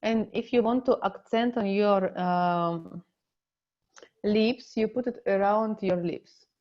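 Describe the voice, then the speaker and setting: Russian-accented woman, middle-aged, relationship coach; halting non-native English, unhurried delivery, a bit dull-sounding webinar recording. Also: medium pitch. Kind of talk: online seminar teaching.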